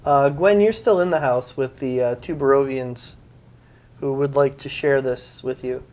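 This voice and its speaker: A man narrating as game master of a tabletop role-playing game, relaxed and halting, often laughing. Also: medium pitch. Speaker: dungeon master.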